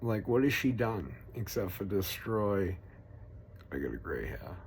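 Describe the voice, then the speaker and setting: Low-voiced profane ranting man in forties. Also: very animated, measured pace, vocal fry, darkish tone, slight background noise. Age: 40s. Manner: angry, profane, rambling. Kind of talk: ranting monologue.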